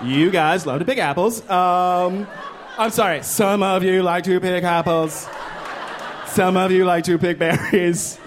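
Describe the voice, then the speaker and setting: A man in his thirties doing stand-up comedy, animated and profane, slipping into exaggerated voices. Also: a little high, slight background noise. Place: live comedy stage.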